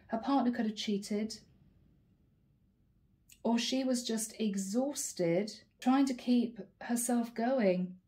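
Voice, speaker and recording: A woman reads tarot cards aloud and talks through them in a mellow, warm tone that sits a little high. She muses to herself as she goes and calls out each card in short, clipped bursts. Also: slow. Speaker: tarot reader. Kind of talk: channeled tarot reading to camera.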